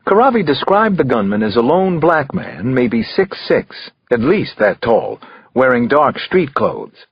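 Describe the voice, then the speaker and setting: A man narrating a thriller audiobook in an expressive, lively way. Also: medium pitch, unhurried, breathy edge, no echo, highs cut off.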